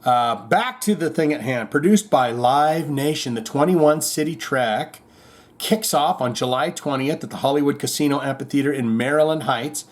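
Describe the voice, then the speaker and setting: A man's voice: mid-range voice, normal speed. A man hosting a rock and metal news podcast, chatting casually and rambling with lots of fillers and restarts. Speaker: podcast host.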